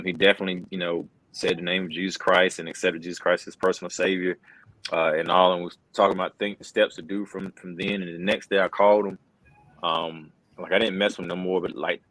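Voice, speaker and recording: Middle-aged male interview guest, very deep voice, earnest and casual, lots of "bro". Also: a bit bright, no room sound, low-quality recording. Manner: earnest, says "bro" and "man" a lot, many restarts. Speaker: wrestling commentator, interview guest. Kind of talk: casual conversational storytelling.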